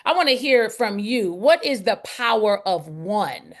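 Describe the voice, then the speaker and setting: A woman's voice: mid-range voice, unhurried. A woman leading a group coaching video call, energetically calling on people by name and repeating key phrases for emphasis. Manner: energetic, calls on participants by name, emphatic repetition.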